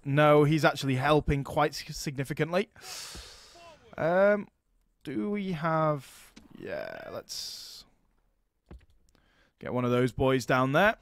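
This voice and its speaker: A man hosting a strategy game let's play, chatting casually and thinking aloud, getting excited over his battles. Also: fairly high pitch. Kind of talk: casual gameplay commentary.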